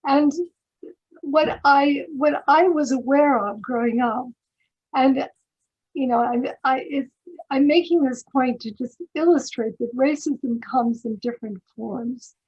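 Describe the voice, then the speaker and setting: A woman's voice: high voice, steady tone, slow, slightly rough, highs cut off. An older American woman speaking as a panel guest in a discussion, thoughtful and emphatic, often restarting her sentences. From United States. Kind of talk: conversational discussion.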